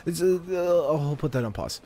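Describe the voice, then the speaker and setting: A man's voice: fairly high pitch, animated, moderate pace, dark tone, a little hiss or hum. A man giving chatty, rambling commentary while he plays a video game, often talking to himself. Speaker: gamer. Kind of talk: let's play commentary.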